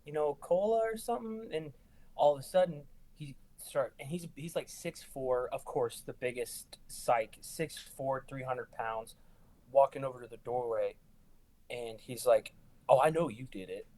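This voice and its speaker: A young man, an ER nurse guest, telling work stories in casual conversation and acting out quoted lines with jumps in pitch. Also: unhurried. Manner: animated, acts out quoted lines with rising pitch. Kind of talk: casual storytelling.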